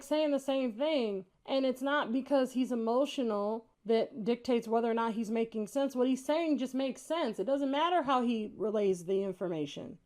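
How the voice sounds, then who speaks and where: A woman's voice: fairly high pitch, darkish tone. A woman commentator talking through a response video in a rambling, indignant way, with frequent filler "likes". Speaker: YouTube commentator. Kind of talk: casual commentary and rebuttal.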